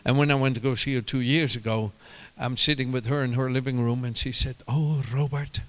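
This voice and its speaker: A man preaching a sermon, telling stories with bursts of loud, rising emphasis and quieter asides. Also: medium pitch, a little fast, smooth. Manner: animated storytelling, rises to shouts and drops to quiet asides.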